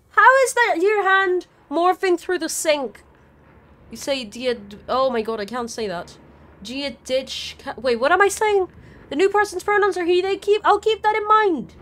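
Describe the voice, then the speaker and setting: A woman with a high, sharp voice livestreams a video game. She swears freely as she talks to her chat and to the characters on screen, giving live gameplay commentary.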